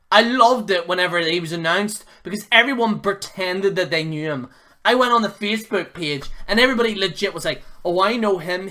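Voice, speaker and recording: In a high-pitched, pushed, bright voice, a man rants through a wrestling review on his own channel. He's blunt and heated, using casual slang, fillers, and restarts while landing jab after jab.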